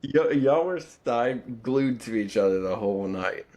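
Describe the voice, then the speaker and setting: A man's voice: mid-range voice, expressive, measured pace, a little mellow, dull audio. A man co-hosting a podcast, chiming in with short teasing remarks. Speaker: podcast co-host. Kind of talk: casual chat.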